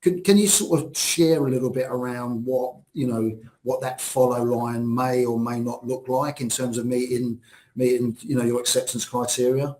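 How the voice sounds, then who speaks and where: A man's voice: medium pitch, steady tone, moderate pace, darkish tone, poor audio. A man moderating a business webinar over a video call, talking with many restarts and fillers.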